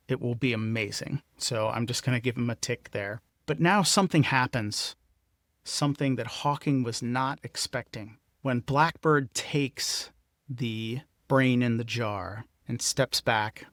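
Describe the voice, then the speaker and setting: A man narrates a solo tabletop role-playing session, explaining each game mechanic methodically. His pitch sits in the middle, and he talks at an unhurried pace. The sound is dry and close. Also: fairly bright tone, no room sound.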